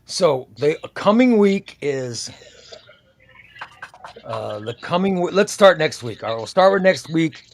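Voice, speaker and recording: Hosting a casual comics chat, a man reads out titles and quickly decides which ones to buy. His voice is a little high, gravelly and sing-song.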